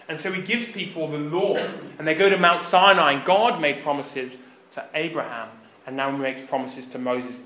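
A man preaching a sermon, retelling scripture as a lively story and acting out the quoted lines with sudden loud rises. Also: a little high, normal speed, reverberant.

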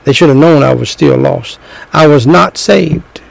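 A middle-aged man preaching a sermon, slow and emphatic, repeating phrases and telling stories. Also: on the high side, creaky, no room sound, rough recording.

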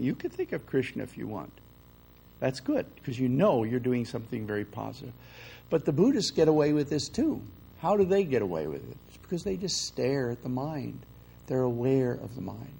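An older man giving a conversational spiritual lecture as a teacher, often pausing to check in with his listeners. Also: medium pitch, vocal fry, warm tone, slight background noise, rough recording. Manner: conversational, often checks in with "okay?" and "you see".

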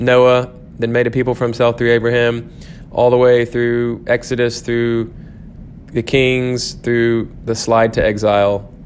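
A man's voice: medium pitch, slight background noise. A man teaching a church class, thinking aloud with frequent restarts and fillers.

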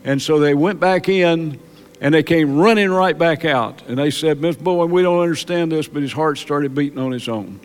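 A man preaching a sermon in church, halting and repeating words, then building to emphatic peaks. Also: fairly high pitch, a little hiss or hum. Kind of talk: sermon testimony.

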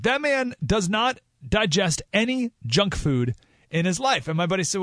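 A man hosting a talk radio show, telling stories in an animated, emphatic way. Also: sits high, brisk, no echo, studio quality. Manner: animated storytelling, rising to excited emphasis. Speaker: radio host.

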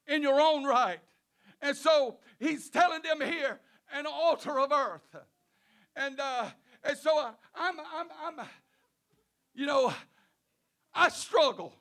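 Male preacher, very high voice, halting sermon, repeats and restarts, chuckles. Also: fairly bright tone.

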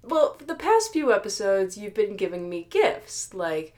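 A woman co-hosting a podcast, chatting casually with a friend. Her pitch moves around expressively, and her humor runs dry and teasing. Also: sing-song, unhurried, a little mellow. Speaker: podcast co-host. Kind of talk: casual chat.

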